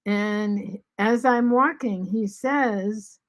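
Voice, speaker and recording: A woman of seventy-three talking in a halting, soft way at home, pausing with many ums and restarts. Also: fairly low pitch. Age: 70s. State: short of breath after covid. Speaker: vlog host. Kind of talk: casual spoken reflection.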